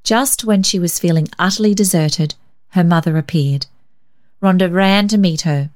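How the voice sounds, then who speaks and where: A woman narrating a children's story in a measured, gentle reading. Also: on the low side. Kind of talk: scripted narration.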